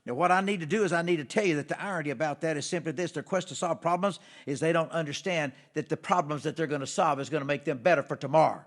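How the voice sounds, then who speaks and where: A man preaching success to a live audience in a fired-up, emphatic style, repeating his points and rising to loud exhortations. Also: fairly high pitch, quick pace, hardly any pauses. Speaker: motivational speaker hosting a live broadcast. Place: theater or studio.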